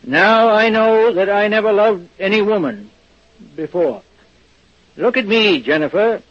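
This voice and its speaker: An actor playing a self-important small-town amateur actor rehearsing a love scene in a vintage radio drama. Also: male voice, sits high, lively intonation, a little slow. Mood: hammy. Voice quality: pompous, overly dramatic. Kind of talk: 1940s radio acting. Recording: dull, dry old radio recording.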